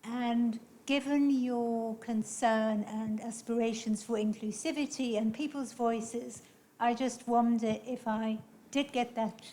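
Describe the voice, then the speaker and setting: A woman's voice: a little high, fairly even intonation, slow, warm tone, slight background noise. A woman in the audience asking a careful, polite question.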